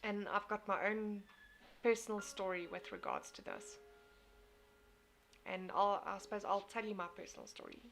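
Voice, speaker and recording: A woman's voice: mid-range voice, big pitch swings, normal speed, vocal fry, long pauses, fairly bright tone, a little hiss or hum. A young woman, hosting a casual motivational live stream, talking earnestly and reading out viewer comments. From South Africa. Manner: earnest, repeats and restarts phrases.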